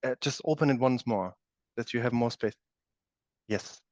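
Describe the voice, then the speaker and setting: A man's voice: mid-range voice, moderate pace, a little mellow, no room sound. A man teaching a live yoga class, demonstrating the moves as he explains them and often checking in with "okay?". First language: German. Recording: dull, dry studio recording.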